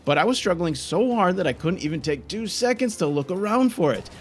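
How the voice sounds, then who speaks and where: A man giving frantic live gameplay commentary, exclaiming and frustrated, later calmly narrating. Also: high voice, a little fast, a little hiss or hum. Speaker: gaming YouTuber.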